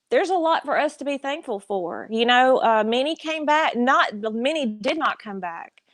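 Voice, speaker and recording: A woman's voice: on the high side, a bit bright, dry recording. A woman with a Southern US accent, a veteran guest speaking earnestly on a live stream over a video call.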